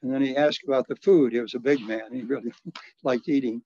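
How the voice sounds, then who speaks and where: A man in his eighties, a retired priest, recounting his past in an interview in a halting way, with many restarts and soft chuckles. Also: medium pitch, fairly even intonation, slightly rough. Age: 80s. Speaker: retired Catholic priest and social worker. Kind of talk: reminiscing in an interview. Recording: dull, lo-fi, dry recording.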